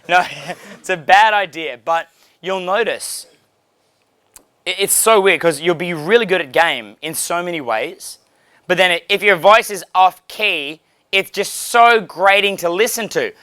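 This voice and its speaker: A man coaching on dating in a loose, blunt way, swearing casually. His voice is bright and crisp, a touch high for a man. The sound is dry and close. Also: a little slow, dry recording. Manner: blunt, profane, relaxed, frequent laughs.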